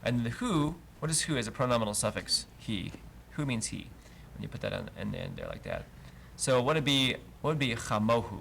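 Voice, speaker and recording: A man's voice: medium pitch, sing-song, a little fast, creaky, few pauses, fairly bright tone, a little hiss or hum. A man teaching a live class, patient and explaining step by step with many fillers. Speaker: Hebrew teacher. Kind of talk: live Bible language class. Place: congregation classroom.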